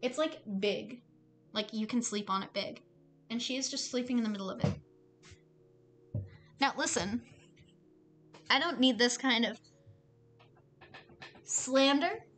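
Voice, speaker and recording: A young woman with a somewhat high voice plays a visual novel on a live stream from home. She reads the story lines aloud, then drops into loose, chatty asides and mock exasperation at the game. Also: measured pace, pauses often, fairly bright tone, faint music behind.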